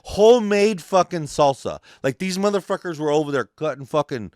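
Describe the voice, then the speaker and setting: Male podcast host, casual storyteller, lots of swearing, crisp tone. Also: a little high, normal speed, no room sound, studio quality. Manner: profane, rambling, animated storyteller.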